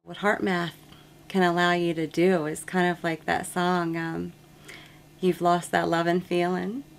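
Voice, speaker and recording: Low, gravelly-voiced woman nurse. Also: little pitch movement, measured pace, a little hiss or hum. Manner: earnest, reflective storytelling with frequent ums. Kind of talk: testimonial interview.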